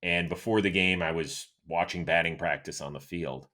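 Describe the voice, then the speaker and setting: A middle-aged man from Cleveland hosting a solo sports show, answering listener questions in an animated, chatty storytelling way. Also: moderate pace. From Cleveland, Ohio, USA. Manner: animated, chatty storyteller with lively swings in pitch. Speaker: host.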